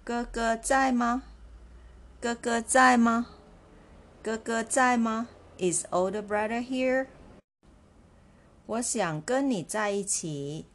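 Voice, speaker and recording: Woman, language teacher, slow and deliberate, repeats each phrase three times. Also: on the high side. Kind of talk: slow, clear language lesson.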